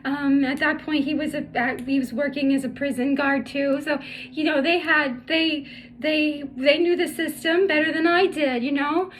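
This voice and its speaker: A middle-aged woman telling her life story through tears, halting and full of restarts. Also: sits high, fairly even intonation, a little hiss or hum. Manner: halting, emotional, many restarts. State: tearful. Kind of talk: personal storytelling vlog.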